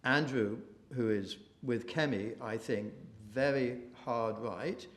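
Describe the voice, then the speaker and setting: Guy giving a talk at an event, lots of uh and restarts, roomy echo, medium voice. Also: mid-range voice. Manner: halting, many restarts and fillers, mocking asides. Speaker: event speaker. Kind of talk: policy talk at a briefing event. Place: event room. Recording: echoey room.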